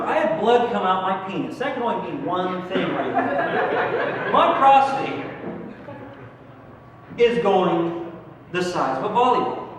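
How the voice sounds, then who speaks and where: A young man telling self-deprecating stand-up stories, acting out his own squeals and pleas. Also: high voice. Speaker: stand-up comedian. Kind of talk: stand-up comedy. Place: small comedy club. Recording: echoey hall, distant mic, room noise.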